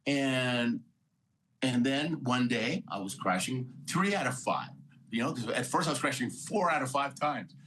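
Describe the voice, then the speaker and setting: A man's voice: medium pitch, unhurried, rough recording. A man in his sixties from Texas, a guest telling his life story with energy, laughing often and acting out the conversations he had. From Houston, Texas. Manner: energetic, motivational, laughs often, acts out dialogue. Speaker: guest, Olympic athlete. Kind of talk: storytelling interview.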